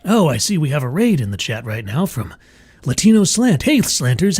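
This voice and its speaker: Sarcastic man with a lively, high-ish voice. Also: moderate pace, husky, soft background music. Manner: sarcastic, mocking asides. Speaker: streamer host. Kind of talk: livestream commentary reading an article aloud.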